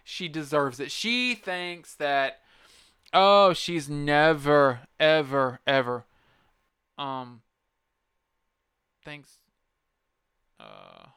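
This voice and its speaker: A man's voice: on the high side, extremely slow, a bit bright, smooth, no echo. A man hosting a podcast, ranting in a casual, profane, rambling and emphatic way into a close microphone. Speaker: podcast host. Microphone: close podcast mic.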